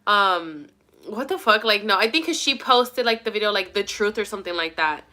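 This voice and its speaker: A woman's voice: mid-range voice, lively intonation, moderate pace, pushed and bright. A young woman talking casually to her viewers, rambling and emphatic, swearing a lot. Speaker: vlogger. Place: at her mother's home.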